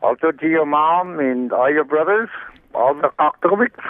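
A man from Alaska calling a radio show to send greetings, slowly listing names with halting fillers. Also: fairly high pitch, lively intonation, dry recording. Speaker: caller. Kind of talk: call-in greetings. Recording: tinny phone line.

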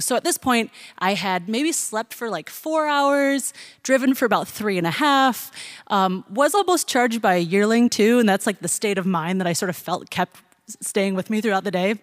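A woman telling a personal story in a chatty way, laughing often and using many fillers. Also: mid-range voice.

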